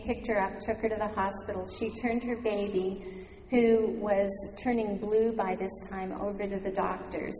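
A woman with a somewhat high voice tells a story in sermon style, earnest and slowing down on the key words. She is recorded in a large, echoey hall with a long reverb tail and faint room ambience behind her. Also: darkish tone, a little hiss or hum. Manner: earnest storyteller, slows for emphasis. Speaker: speaker at a church gathering.

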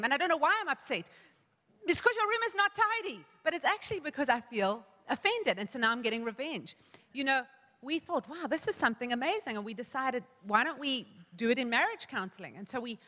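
A female pastor shares a personal story as part of a sermon, speaking in a relaxed, conversational manner with many restarts and asides where she quotes herself. Her voice is bright and pitched a bit high, and the church hall adds a lengthy echo after every phrase.

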